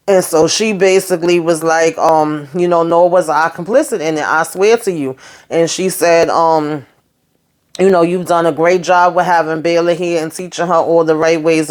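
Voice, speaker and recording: A woman's voice: deep voice, a little mellow. A woman casually recapping a TV episode, chatty and sassy, with lots of fillers. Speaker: show recapper.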